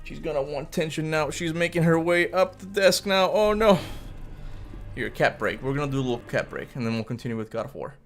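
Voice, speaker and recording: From his home desk, a gaming streamer chats casually and playfully, slipping into baby talk with his cat while out of breath. His voice is on the high side, lively, a little fast and fairly bright, caught on a desk mic with faint music behind.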